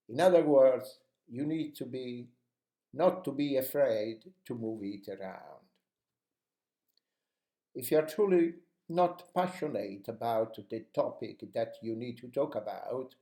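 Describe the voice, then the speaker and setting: A man's voice: mid-range voice, warm tone, echoey room. A man teaching how to speak English with energy, giving encouraging advice in an instructional lesson. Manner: encouraging, coaching tone.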